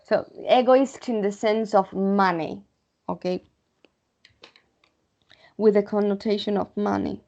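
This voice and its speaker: A woman from Spain with a Spanish accent, teaching English vocabulary online, repeating words slowly and checking in with "okay?". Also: mid-range voice, darkish tone, dull audio. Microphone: computer mic.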